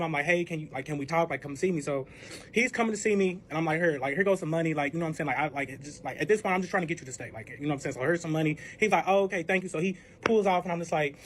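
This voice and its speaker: A young man telling a personal story in a casual vlog, animated and profane, acting out both sides of the conversation. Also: on the high side, a little hiss or hum.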